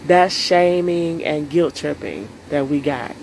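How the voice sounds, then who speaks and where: A woman's voice: low-pitched, a little slow, few pauses, darkish tone, slight background noise, low-quality recording. A woman coaching viewers on self-care in a solo live stream, earnest and emotional, speaking straight to her audience.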